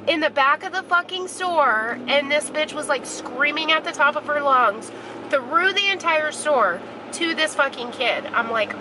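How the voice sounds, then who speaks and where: A woman's voice: sits high, normal speed, noisy background. A woman vlogging casually from her car and stores, telling a gossipy story with lots of swearing. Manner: profane, gossipy, animated storytelling. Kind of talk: casual chatty vlog. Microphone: handheld camera mic.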